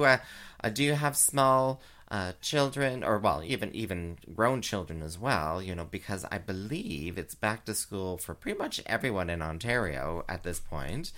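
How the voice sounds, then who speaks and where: A man doing drag, hosting a chat show, talking casually with many fillers and giggles, and jumping into high sing-song voices. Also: lively intonation, normal speed, bright, forceful tone. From Canada. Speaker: drag queen radio show host. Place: home, recorded live.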